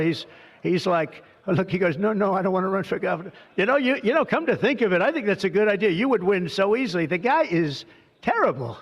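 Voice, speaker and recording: A man's voice: fairly high pitch, a bit bright. Older man rambling, boastful, echoing hall. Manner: boastful, digressive, heavy superlatives. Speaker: president giving a speech. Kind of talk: rambling off-the-cuff political speech. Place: large hall at a signing event. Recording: reverberant hall.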